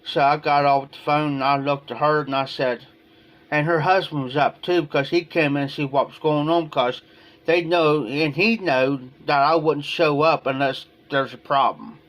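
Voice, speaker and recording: Recounting a lengthy personal story on his live stream, a man from Ohio wanders as he talks and keeps inserting "I said" between quoted lines. His voice is on the high side, with a steady tone, normal speed, and a fairly bright quality.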